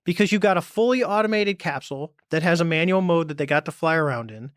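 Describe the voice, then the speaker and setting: A man's voice: a little high, fast, no room sound, clean studio sound. A man, a former navy pilot as podcast guest, talking casually and bluntly, acting out quoted dialogue as he tells stories. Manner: animated storytelling, acts out quoted dialogue. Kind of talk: casual conversation.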